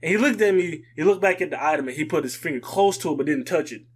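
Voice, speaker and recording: A man co-hosting a casual podcast conversation, telling stories in an animated way and laughing often. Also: on the high side, fast talker, husky. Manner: animated storyteller who laughs often, with frequent "like" fillers. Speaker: podcast co-host.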